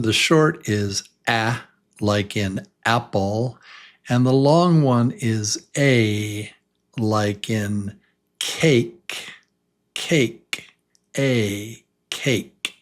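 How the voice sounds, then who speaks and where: A man leading a beginner pronunciation class at an extremely slow, deliberate pace. He is patient and stretches out each vowel, says words over and over, and asks simple questions for learners to answer. His pitch sits in the middle range. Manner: very slow, drawn-out vowel demonstrations and repetition. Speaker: ESL teacher.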